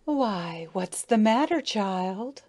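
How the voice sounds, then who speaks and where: A woman voicing a huge, predatory dragonfly in a storybook reading, calm and condescending. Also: medium pitch, measured pace.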